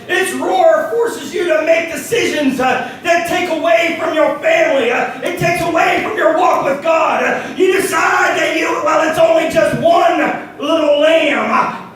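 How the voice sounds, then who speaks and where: A man preaching a sermon, shouting his points with many "uh" fillers and then dropping to quiet asides. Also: extremely high pitch. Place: church hall. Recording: echoey hall picked up from far off, faint hiss.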